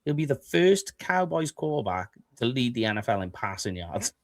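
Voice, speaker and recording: A man's voice: medium pitch, sing-song, moderate pace, no room sound. A man co-hosting a casual sports podcast, talking things over and teasing his co-host. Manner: conversational, teasing.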